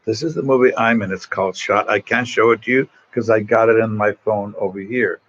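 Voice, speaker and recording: A man's voice: on the low side, fairly quick, muffled recording, a little hiss or hum. An older man, a priest, telling rambling personal stories to an online audience in a casual way, often restarting his sentences. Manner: rambling, warm anecdotes with frequent restarts.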